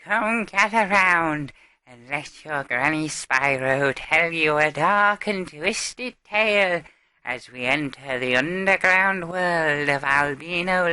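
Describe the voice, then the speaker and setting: Man doing a creepy old granny, slow and menacing, bright and smooth, dry close sound. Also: fairly high pitch, no echo, exaggerated voice. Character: creepy sinister old granny ruling an underground world.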